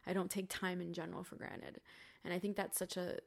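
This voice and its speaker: A woman's voice: lowish voice, little pitch movement, brisk, gravelly. A young woman, a podcast guest, telling her story in a candid, casual way, swearing freely and saying "like" a lot. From Cuban family.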